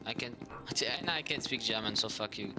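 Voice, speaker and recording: A man from Russia mutters in game voice chat, hesitant and often swearing. His voice is mid-pitched with music clearly playing behind it. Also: moderate pace. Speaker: gamer.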